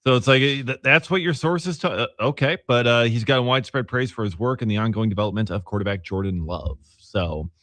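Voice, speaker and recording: A man's voice: mid-range voice, brisk, hardly any pauses, fairly bright tone, dry recording. A man co-hosting a sports radio show, chatting casually and reading through a list with many fillers and restarts. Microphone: studio microphone.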